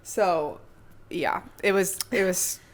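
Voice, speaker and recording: A woman's voice: fairly low pitch, takes it slowly. A young woman co-hosting a podcast, agreeable and chiming in with short replies in casual chat. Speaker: podcast co-host.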